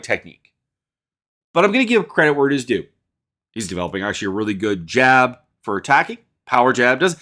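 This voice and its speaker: A man's voice: mid-range voice, fairly bright tone. A man hosting a podcast, giving opinionated casual commentary in a rambling way, with frequent fillers and restarts. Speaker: podcast host.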